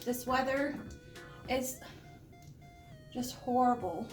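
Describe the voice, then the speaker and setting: Speaking slowly in a high-sitting voice over soft background music, a middle-aged woman presents her casual home decor channel from the living room. Her manner is homey and chatty, sprinkled with little asides, plus the odd cough since she's feeling a bit poorly. The recording camera sits close by and moves around while she speaks.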